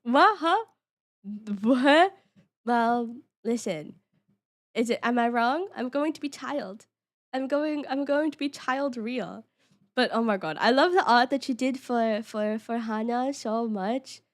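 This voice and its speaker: A young woman streaming as a VTuber, chatting casually with her viewers in a giggly, excitable way, often restarting and stammering. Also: a little high, slow. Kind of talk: casual live-stream chat.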